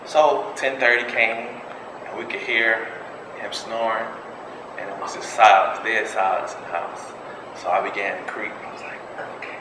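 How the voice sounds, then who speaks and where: A man, giving a personal storytelling speech in an animated way. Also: fairly low pitch, normal speed. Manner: animated storytelling, acts out quotes. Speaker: public speaking club member. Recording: echoey room with background noise.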